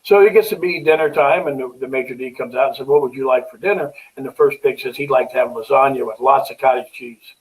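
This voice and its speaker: A middle-aged man talks his way through a webinar on finances in a relaxed, folksy manner, stumbling over ums and restarting sentences. He sits a little back from a camera mic, so his voice sounds slightly distant. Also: mid-range voice, fast, hardly any pauses. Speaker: financial consultant. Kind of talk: webinar sales presentation.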